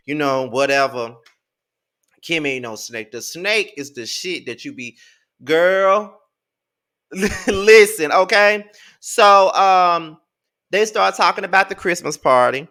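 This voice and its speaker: A man in his thirties with a Mississippi Southern accent, recapping a reality show in a sassy, profane, animated way. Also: on the high side, moderate pace. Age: 30s. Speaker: TV show reviewer. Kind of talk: casual recap commentary.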